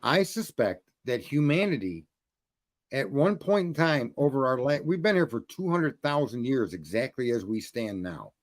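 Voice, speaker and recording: A man's voice: medium pitch, sing-song, normal speed, dry recording. A man in casual chat, telling a roofing story in a blunt, profane way. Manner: storytelling, profane, talks through trade details.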